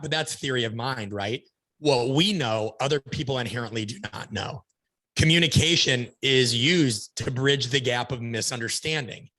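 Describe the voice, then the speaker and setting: A man speaking as a podcast guest, telling stories in an animated, emphatic way and acting out bits of dialogue. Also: mid-range voice, normal speed. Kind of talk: energetic conversational storytelling.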